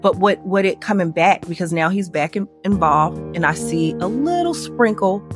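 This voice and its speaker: A woman guest on a podcast, telling her story in candid conversation and acting out quoted lines in a higher voice. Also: moderate pace, over music. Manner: animated, acts out quoted dialogue in a higher voice.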